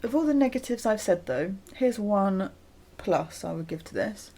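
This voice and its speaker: A woman's voice: mid-range voice, lively intonation, moderate pace, mellow. A woman co-hosting a casual podcast, wry and teasing, laughing often. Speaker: podcast co-host. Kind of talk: casual chat.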